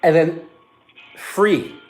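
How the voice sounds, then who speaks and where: A middle-aged man, an online reseller, telling a story in casual chat, animated and swearing as he acts out what people said. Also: fairly high pitch, drawn-out words.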